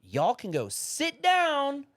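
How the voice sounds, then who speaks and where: A man co-hosting a podcast, ranting in casual chat, profane and animated as he acts out other people. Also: extremely high pitch, takes it slowly, dry recording, studio quality. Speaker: podcast co-host.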